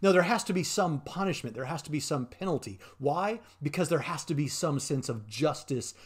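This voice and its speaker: A man's voice: fairly high pitch, animated, moderate pace, breathy edge. A man hosting a show, commenting casually on a played clip in an earnest, argumentative way, thinking aloud as he goes. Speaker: host.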